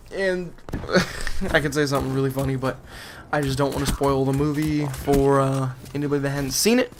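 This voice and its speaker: A man's voice: a little high, noisy background. A young man casually telling a rambling, exasperated story on his vlog, often laughing as he goes. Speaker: gaming channel vlogger.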